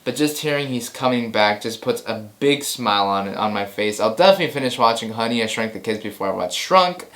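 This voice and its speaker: A man hosting a casual movie news show, excitable and rambling, often repeating himself. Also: fairly low pitch, a little fast, hardly any pauses.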